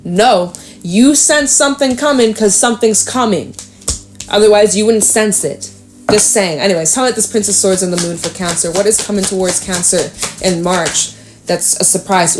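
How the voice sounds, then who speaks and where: A young woman doing a casual tarot reading, chatty and thinking out loud with sudden exclamations. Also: mid-range voice, expressive, normal speed, soft background music. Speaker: tarot reader.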